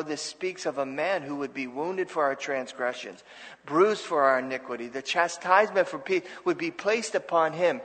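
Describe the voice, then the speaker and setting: A man's voice: a little high, a bit bright, in a large hall, poor audio. A man preaching a sermon as pastor, earnest and conversational, with restarts and asides to the congregation.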